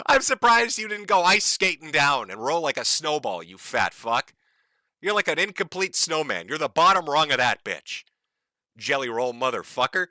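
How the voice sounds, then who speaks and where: Sarcastic guy ranting commentary, lively swoopy pitch, mocking, super bright tone. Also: dry recording. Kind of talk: profane mocking video commentary.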